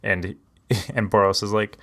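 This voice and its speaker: Deep-voiced man in rambling casual chat. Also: little pitch movement, normal speed. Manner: loose and rambling, drifts off quietly, many fillers. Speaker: podcast co-host.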